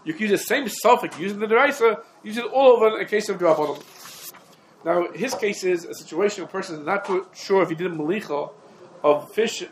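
A man teaching a Torah class, talking quickly and emphatically, his explanations dense with Hebrew and Aramaic legal terms. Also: sits high, slight background noise, low-quality recording. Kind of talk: rapid halachic lecture.

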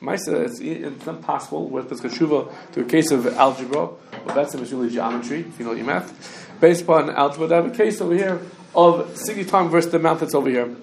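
Guy teaching a talmud class, talks fast, kinda high voice, echoey room with a bit of hiss. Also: gravelly. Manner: quick, restarts often, mixes Hebrew and Yiddish terms. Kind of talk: casual Talmud study lesson. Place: classroom with students. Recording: echoey room with faint background noise.

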